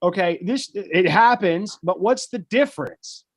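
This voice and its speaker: A man co-hosting a casual podcast chat, rambling and excitable, full of restarts. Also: sits high, unhurried, no room sound. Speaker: podcast co-host.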